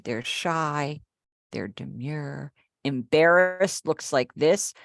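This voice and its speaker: A woman's voice: sits low, no room sound, clean studio sound. A middle-aged woman teaching a live online class, explaining patiently and checking in with her students. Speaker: sign language teacher.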